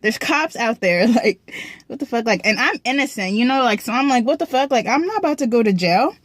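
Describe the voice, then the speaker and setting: A young woman vlogger telling a story in a casual, profane, slangy way, often clearing her throat, from a parked car. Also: medium pitch, no echo.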